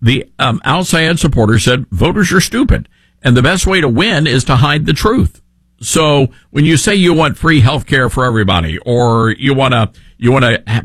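A man's voice: medium pitch, fairly bright tone, husky, no echo, studio quality. A man hosting a talk radio show, giving an opinionated monologue in an emphatic way with frequent restarts.

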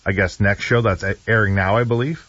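A man co-hosting a show, answering casually in short, relaxed remarks. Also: on the low side, a little fast, no room sound, highs cut off. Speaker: co-host. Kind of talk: casual chat.

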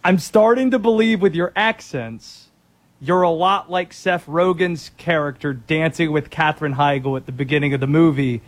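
A man's voice: on the high side, normal speed. A man co-hosting a sports talk radio show, teasing his partner and steering into the next topic. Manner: wry, teasing, sets up segues.

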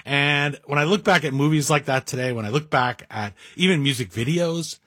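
A man's voice: on the high side, normal speed, a bit bright, no room sound, clean studio sound. A middle-aged man guest hosting a talk radio show, speaking in a wry, self-deprecating monologue with asides. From Greek heritage. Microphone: studio mic.

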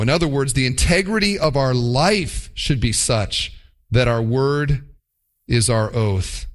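A man preaching a sermon to his congregation, emphatic and animated, acting out quick mock quotes. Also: mid-range voice. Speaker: pastor.

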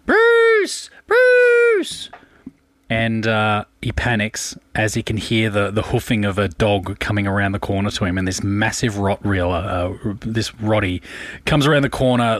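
A man's voice: fairly low pitch, no echo. An Australian man hosting breakfast radio, telling a rambling story with fillers in a casual way. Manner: chatty, rambling anecdote with fillers.

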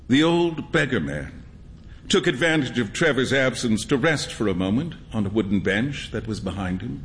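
A man narrating a storybook reading in an expressive, measured storytelling manner. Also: mid-range voice, slight background noise. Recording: long hall reverb.

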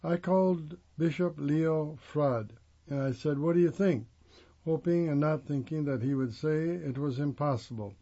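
Older man, reflective storyteller, slightly high pitch, muffled lo-fi sound. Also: a little slow, mellow. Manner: reflective storyteller who acts out quoted dialogue. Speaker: former prosecutor and judge turned clergyman. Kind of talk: first-person storytelling monologue.

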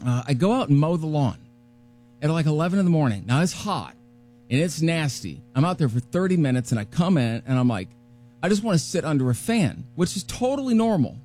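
A man hosting a morning radio show, telling a personal story in a casual, animated way and acting out his own remarks. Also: a little high, brisk, soft background music.

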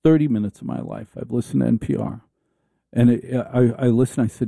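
A man's voice: mid-range voice, moderate pace, gravelly, mellow, no room sound, clean studio sound. A man hosting a talk radio show, riffing in a sarcastic, theatrical comic monologue.

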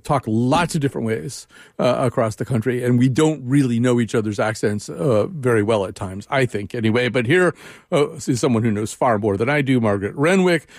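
A man hosting an interview chat, telling stories in a lively way with many filler words. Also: medium pitch, no echo, studio quality. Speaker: host.

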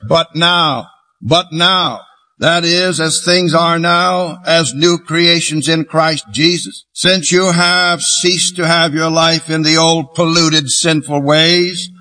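High bright-voiced guy preaching, leaning hard on key words. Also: fairly even intonation, takes it slowly, soft background music. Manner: emphatic, expository Bible teaching. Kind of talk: sermon.

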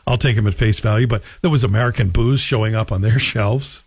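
A man's voice: on the low side, brisk, slightly rough, no room sound. A Canadian man hosting a talk radio show, delivering a combative, scolding monologue with folksy asides.

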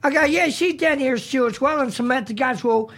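A man's voice: very high voice, a little fast, fairly bright tone. A man with an Australian accent hosting a casual chat, telling a rambling story and repeating himself. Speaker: host.

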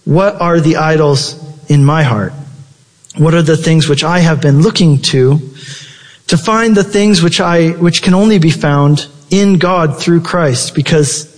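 High-voiced preacher in a reverberant hall. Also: male voice. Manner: impassioned preaching with sudden high-pitched emphasis. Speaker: pastor. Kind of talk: sermon.

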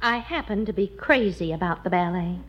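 An actress playing an exasperated wife in a 1940s radio sitcom, scolding and emotional. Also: female voice, mid-range voice, lively intonation, fairly quick, lo-fi sound, natural voice. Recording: hissy old radio broadcast.

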